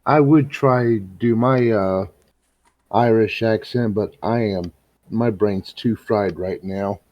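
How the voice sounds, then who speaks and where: Slow, hesitant man with a dull, dry sound. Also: on the low side, dry recording. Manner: slow and hesitant, many fillers. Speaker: player. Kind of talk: playing a tabletop game.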